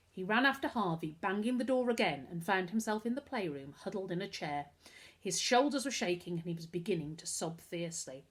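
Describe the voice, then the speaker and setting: Expressive woman reading a storybook aloud. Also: fairly low pitch, brisk. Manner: expressive, animated. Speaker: reader of a children's book. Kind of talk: reading a chapter book aloud.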